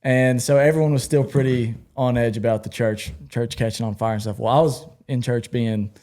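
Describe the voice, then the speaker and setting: A man co-hosting a podcast, telling a childhood story in an animated, laughing way. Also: mid-range voice, normal speed. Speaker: podcast co-host. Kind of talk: casual storytelling.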